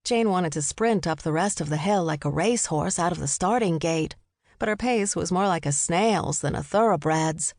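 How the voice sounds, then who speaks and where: A woman narrating a cozy mystery audiobook in a measured, descriptive way. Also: on the low side, darkish tone, no echo. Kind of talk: scripted narration. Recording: dry studio close mic.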